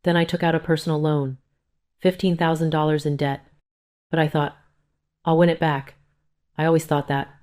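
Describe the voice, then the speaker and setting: A guilt-ridden gambling son-in-law who stammers and begs, as a woman reads him in a low voice. He sounds cornered and desperate in this audio storybook. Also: flat delivery, moderate pace, pauses often, a little mellow, close to an everyday voice. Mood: confessing. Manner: pleading, stammering.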